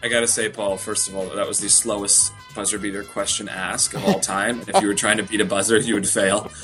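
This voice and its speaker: A man's voice: lowish voice, level tone, over music. A young man co-hosting a casual sports podcast, joking and playful in his banter. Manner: joking, playful, quick with impressions. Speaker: podcast co-host.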